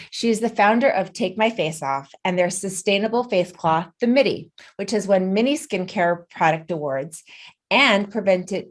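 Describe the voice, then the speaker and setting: A woman hosting an interview podcast, introducing her guest and asking questions in an enthusiastic, upbeat way. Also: medium pitch. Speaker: podcast host.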